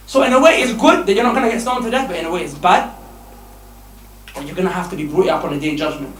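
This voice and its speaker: A man's voice: high-pitched, fast. Emphatic male preacher in an echoey hall. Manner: emphatic, animated, often laughing mid-sentence. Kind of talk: lively evening sermon to young men. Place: mosque hall. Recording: echoey hall, distant mic, faint hiss.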